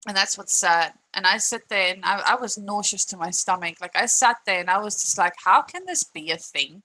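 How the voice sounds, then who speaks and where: A woman's voice: medium pitch, expressive, fairly quick, bright, forceful tone, rough recording. A young woman streaming live, ranting in a frustrated, emphatic way, swearing and repeating her points while greeting chat.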